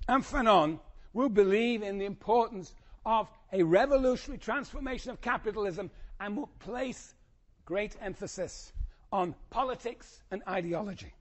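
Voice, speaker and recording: A man past middle age lectures to a class in a hall. His voice sits fairly high and is wearing hoarse. He talks in an animated way, jumping up in pitch when he plays out what others said. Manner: animated, acts out quotes with sudden high pitch. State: voice going hoarse. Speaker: university lecturer.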